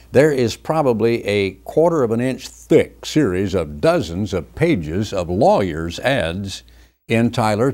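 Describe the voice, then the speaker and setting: A man's voice: mid-range voice, a little mellow. An older man preaching a conversational sermon from his home study, reading scripture and mocking the voices of others.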